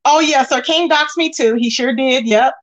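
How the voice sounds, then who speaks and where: Casting: high-pitched woman host, sassy, scolding gossip commentary. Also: normal speed. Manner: sassy, emphatic, scolding asides. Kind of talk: casual gossip commentary reading chat.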